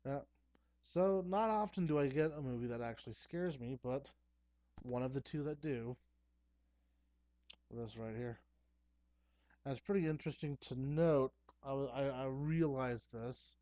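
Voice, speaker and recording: A young man talking casually to camera at home, chatty and excitable, with playful asides. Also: mid-range voice, a little slow, pauses often, no echo. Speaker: horror movie vlogger. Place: dim room at home.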